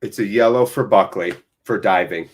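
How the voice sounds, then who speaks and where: A man hosting a live football watchalong, mixing casual play-by-play with rambling chat asides in an excitable way. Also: on the low side, moderate pace, breathy edge.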